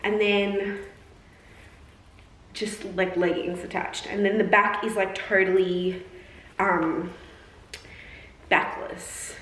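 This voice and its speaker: A woman's voice: medium pitch, steady tone, takes it slowly, pauses often, a bit bright, echoey room, recorded from a distance, poor audio. A woman in her twenties filming a casual try-on vlog, chatty and exasperated, with lots of filler words. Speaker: vlogger.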